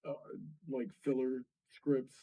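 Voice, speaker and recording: A man's voice: medium pitch, flat delivery, takes it slowly. A man who makes videos, talking hesitantly with many fillers on a casual livestream. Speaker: video creator guest. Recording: muffled lo-fi mic.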